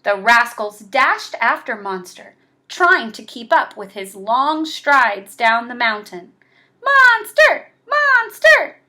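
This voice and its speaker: A woman reading a children's picture book aloud, slow and expressive. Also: fairly high pitch. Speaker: storybook reader.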